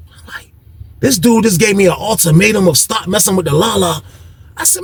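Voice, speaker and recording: A young man casually telling a story from his own life, slangy and animated, acting out the voices of the people in it. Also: fairly high pitch, quick pace, gravelly, breathy edge. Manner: animated, slangy, acts out quotes.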